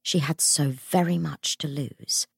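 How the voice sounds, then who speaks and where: A woman reading an audiobook in measured, dramatic scripted narration. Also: low voice, fairly even intonation, creaky, husky, no echo, studio quality.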